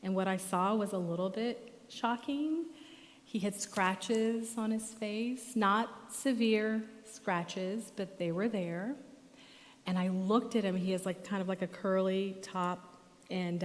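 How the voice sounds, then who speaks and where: Brief: middle-aged woman speaker, animated storyteller, mid-pitched voice, long hall reverb. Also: takes it slowly. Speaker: guest speaker and therapist. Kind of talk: storytelling talk at church. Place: church auditorium.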